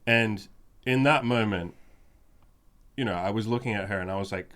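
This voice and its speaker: A man's voice: on the low side, moderate pace, fairly bright tone. A man hosting a podcast, telling a story in casual chat, frank and emphatic, repeating phrases for effect. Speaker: podcast host.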